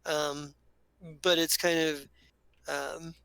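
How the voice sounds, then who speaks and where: A man's voice: on the high side, level tone, drawn-out words, vocal fry, sharp tone, smooth, low-quality recording. A man narrating a tabletop role-playing game as game master, rambling with many fillers and restarts.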